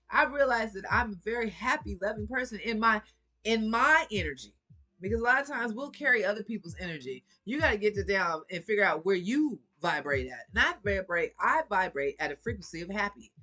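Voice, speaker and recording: Woman vlogger, bright sassy motivational chat. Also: mid-range voice, very animated, fairly quick. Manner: sassy, preachy, laughs often, swears freely. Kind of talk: casual motivational talk to camera.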